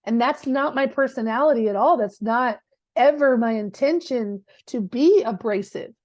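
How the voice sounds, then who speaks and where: A real estate coach leads a live teaching session, talking directly and conversationally to her class and often checking in with many rhetorical "right?"s. Her voice is a little high and darkish in tone at normal speed, with no echo.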